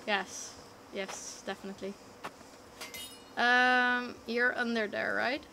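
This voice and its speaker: A Dutch-accented woman streams a game with a playful manner and a bright, clear voice pitched a little high. She chats casually and now and then bursts into excited squeals. A faint hiss sits under her voice. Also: slow. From Netherlands. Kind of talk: casual gameplay chat.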